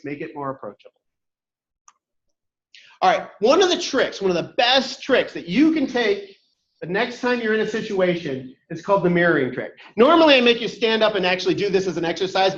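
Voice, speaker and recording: A boisterous, loud man instructor giving an online workshop talk, mixing lessons with personal stories. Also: high-pitched. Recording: echoey room, dull lo-fi sound.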